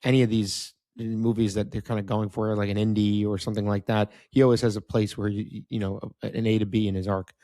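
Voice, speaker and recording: A man with a lowish voice gives frank, offhand movie opinions in casual podcast chat. His voice sounds dry and close to the mic. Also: little pitch movement, a little fast, hardly any pauses, mellow, no room sound. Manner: candid, offhand, swears casually. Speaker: podcast co-host. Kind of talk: casual film review chat.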